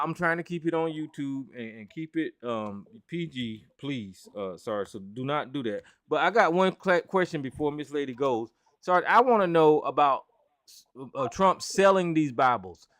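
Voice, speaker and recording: A man's voice: fairly high pitch, a bit bright, no echo, studio quality. A man hosting a call-in show, arguing heatedly, swearing constantly and repeating himself as he stumbles over words. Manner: profane, repetitive, stumbling.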